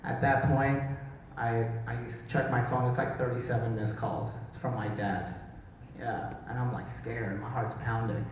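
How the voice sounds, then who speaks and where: A man's voice: medium pitch, fairly even intonation, slight background noise. A man in his thirties from Dallas, Texas, telling self-mocking stories in a stand-up comedy set. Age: 30s. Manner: storytelling, self-mocking, quick asides to the crowd. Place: large hall, recorded from far off. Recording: very echoey hall, distant mic.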